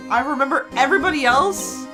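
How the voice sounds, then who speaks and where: A woman's voice: sits high, fast. A woman playing a video game, reading its dialogue aloud in a playful way and adding goofy asides. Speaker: gaming streamer. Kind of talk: let's play with dialogue read aloud. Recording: music playing behind the voice.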